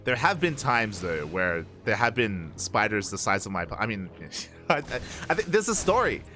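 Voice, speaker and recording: A man's voice: fairly low pitch, very animated, moderate pace, pushed and bright, soft background music. An Australian man casting a live esports match, chatty and loose, laughing often between play-by-play. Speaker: esports caster.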